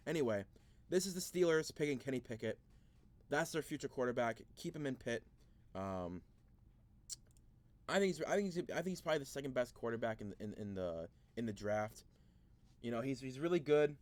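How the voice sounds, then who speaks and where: A man's voice: medium pitch, animated, a little fast, long pauses, a little mellow. A man hosting a casual sports video, thinking aloud through a mock draft, rambling and easily frustrated, with many restarts.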